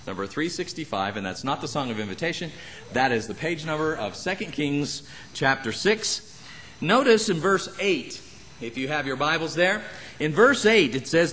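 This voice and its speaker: A man preaching a sermon in a church, acting out the people in the passage and adding humorous asides. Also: moderate pace. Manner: animated, acts out Bible characters with jumps in pitch. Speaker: pastor. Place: church sanctuary.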